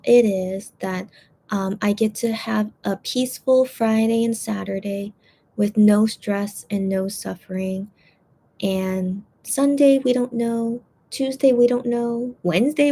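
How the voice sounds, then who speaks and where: A livestream host with a mellow, medium-pitched voice reads her chat and rambles casually, packing her talk with "you know" and "like." She's emotional, confides her feelings to viewers, and apologises readily.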